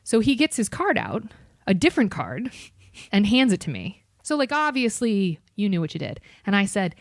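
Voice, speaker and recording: A woman's voice: mid-range voice, moderate pace, no echo, clean studio sound. A woman hosting a podcast and telling a story in casual chat, cursing freely and acting out what each person said. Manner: animated, profane, acts out every character in the story. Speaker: podcast host.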